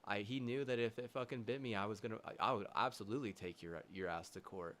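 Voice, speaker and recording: A young man streaming live, ranting angrily with constant swearing, halting restarts and loud agitated bursts. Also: fairly low pitch. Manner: heated, profane, swearing constantly; halting restarts, trailing fillers. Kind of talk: angry livestream rant.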